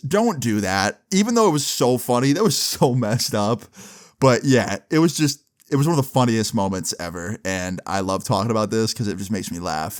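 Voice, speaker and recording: A young man telling a story on his vlog, loose and slangy, often laughing. He swears freely and speaks in a medium pitch. It is casual chatter straight to his viewers. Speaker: vlogger.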